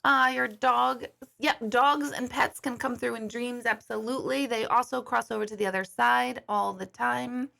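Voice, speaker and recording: A middle-aged woman hosting a livestream as a psychic medium, talking in a candid, blunt, casual way and cursing freely. Her voice is bright and a little high. It has a gravelly, creaky edge. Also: steady tone, normal speed. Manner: candid, blunt, swears casually, greets viewers by name.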